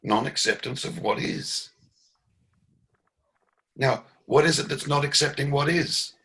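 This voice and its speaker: A man's voice: medium pitch, a little slow, bright, forceful tone. A man leading a satsang dialogue as a spiritual teacher, reflective and emphatic, often laughing, on a video call.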